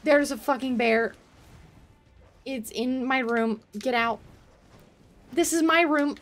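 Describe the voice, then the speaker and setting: This high-pitched woman streams a video game live, unhurried in pace yet panicky and excitable in her reactions. She laughs and swears often, and faint music can be heard behind her.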